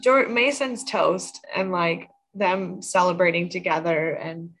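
A woman's voice: fairly low pitch, a little slow, a bit bright. A woman co-hosting a podcast, recapping a TV episode in casual chat, thoughtful and often correcting herself mid-sentence. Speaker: podcast co-host.

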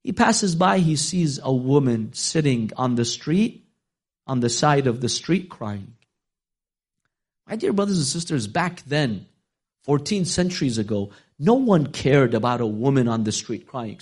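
A man preaching a sermon, telling a story with dramatic swings of pitch and loudness, sometimes slowing into a chanted, half-sung delivery. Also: expressive, slightly rough. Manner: storytelling, voicing quoted figures, dramatic rises in pitch.

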